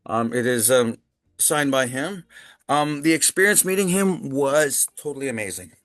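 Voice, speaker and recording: A man from Ontario, Canada, a guest telling a story casually over a video call, animated and laughing often. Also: medium pitch, moderate pace, no room sound, studio quality, soft background music.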